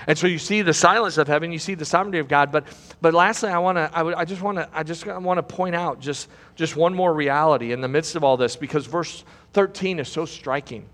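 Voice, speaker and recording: A high-pitched man delivers a sermon from a pulpit in a church. He moves between soaring, loud cries and hushed, low passages, and he often repeats phrases. His voice carries a long reverb through the large hall. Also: fairly quick, few pauses. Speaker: preacher. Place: church sanctuary.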